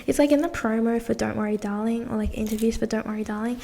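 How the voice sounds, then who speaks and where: A woman's voice: a little high, fairly even intonation, normal speed, gravelly, a little mellow. A young woman hosting her own podcast, with a slightly British-sounding accent, chatting in a rambling, giggly way while she does a puzzle. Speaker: podcast host. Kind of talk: casual solo podcast chat.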